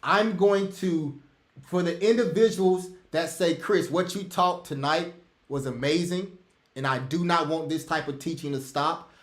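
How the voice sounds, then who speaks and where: A man leads a live online trading class, his voice pitched high and bouncing between loud emphasis and soft asides. He repeats himself and keeps addressing everybody. The sound is roomy and echoey, like a home setup on a video call. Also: measured pace. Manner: emphatic, rants loudly then drops to soft asides. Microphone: computer mic on a video call.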